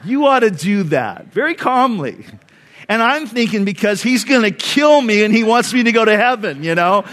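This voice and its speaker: A male pastor preaching a sermon, telling a personal story earnestly and dropping soft and low for memories. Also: expressive, moderate pace.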